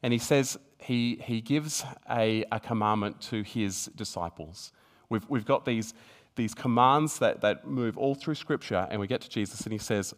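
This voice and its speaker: A man's voice: on the low side, normal speed. A man preaching a sermon, speaking earnestly with frequent restarts, reading passages of scripture aloud and building to emphatic peaks. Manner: reads scripture aloud within the talk.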